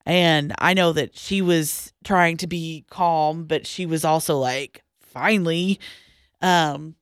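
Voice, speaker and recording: A young woman telling a personal story as a podcast guest, halting, with restarts and pauses, going quiet at the hardest parts. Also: sits low, fairly even intonation, clear, resonant tone, no room sound, clean studio sound. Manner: halting, with frequent restarts and trailing-off lines, dropping quiet at hard moments.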